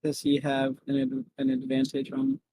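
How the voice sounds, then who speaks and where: A man playing a tabletop role-playing game, talking animatedly in quick bursts. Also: mid-range voice, flat delivery, gravelly, warm tone, slightly rough, low-quality recording. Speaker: player.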